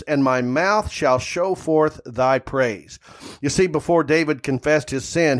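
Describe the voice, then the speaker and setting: A man, a pastor, preaching a sermon in an unhurried way, with frequent "uh" pauses as he reads scripture aloud. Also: a little high.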